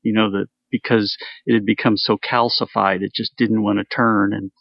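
A man co-hosting a casual chat, telling a home repair story with lively, animated delivery. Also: moderate pace, creaky, no echo, lo-fi sound. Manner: animated storyteller, jumps up in pitch acting out his wife.

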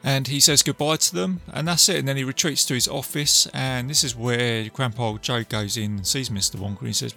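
A man's voice: medium pitch, fairly even intonation, brisk, creaky, few pauses, sharp tone, faint music behind. A man casually retelling a film's plot, rambling and full of fillers. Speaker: film reviewer. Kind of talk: casual film recap to camera.

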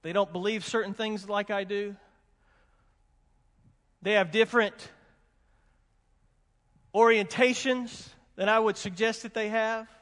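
A man's voice: high-pitched, fairly even intonation, a little slow, pauses often, fairly bright tone. A man preaching a sermon as pastor, emphatic and folksy, repeating his warnings with humorous asides. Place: church sanctuary with congregation. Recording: long hall reverb.

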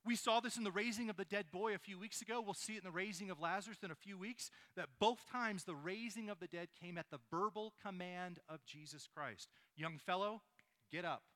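A man's voice: sits high, a little fast, a bit bright. A man preaching a sermon, asking his listeners rhetorical questions and reading scripture aloud. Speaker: pastor.

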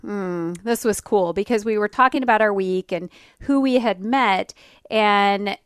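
A woman co-hosting a radio talk show, speaking reflectively with pauses and ums. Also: medium pitch, clear, resonant tone, no echo, clean studio sound.

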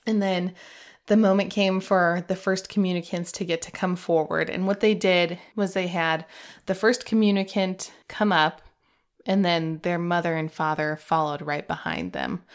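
A woman's voice: on the low side, normal speed. A middle-aged woman hosting a podcast, telling a personal faith story in a heartfelt way, emotional at times and laughing through tears. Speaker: podcast host.

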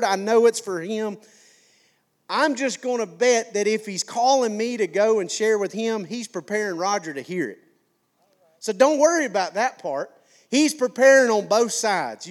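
Man, pastor, high voice, folksy sermon. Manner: folksy, conversational preaching with repetition.

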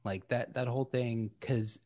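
A man's voice: medium pitch, fairly even intonation, a little slow, a little mellow, dry recording. A man co-hosting a casual podcast chat, easygoing and wry. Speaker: podcast co-host.

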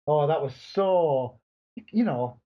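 A man's voice: on the high side, slow. Blunt man, lo-fi. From England. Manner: blunt, earthy storytelling with British slang. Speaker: podcast co-host. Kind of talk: casual chat.

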